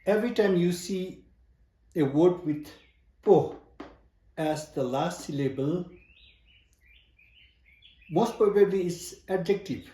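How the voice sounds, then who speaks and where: A man with a Tibetan accent teaching a language lesson, repeating words slowly and spelling them out. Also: high-pitched, warm tone. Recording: echoey room.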